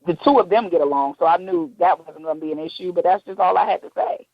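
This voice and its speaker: A woman's voice: on the low side, fast, no echo, muffled recording. A woman guest in a radio interview, telling a personal story candidly and acting out the voices of the people in it. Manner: candid, animated, acts out quoted voices.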